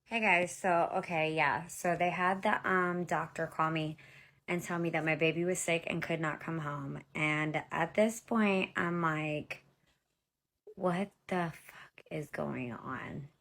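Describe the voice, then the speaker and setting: Woman in her thirties, low voice, gravelly, blunt and profane, casual storytime talk to viewers. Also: steady tone, a little slow, fairly bright tone. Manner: addresses viewers directly as y'all. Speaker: vlogger telling her own story.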